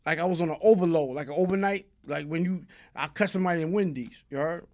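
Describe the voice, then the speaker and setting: High-voiced, animated New York man telling a story. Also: quick pace. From Brooklyn, New York. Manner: animated street storytelling, acts out voices, frequent "you heard?". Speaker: interview guest. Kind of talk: storytelling in a casual interview.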